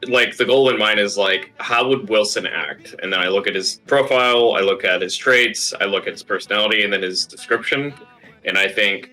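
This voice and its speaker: A man's voice: fairly low pitch, brisk, pushed and bright, faint music behind, low-quality recording. A man serving as game master, chatting casually in a rambling, easygoing way with lots of filler words. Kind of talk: casual table talk.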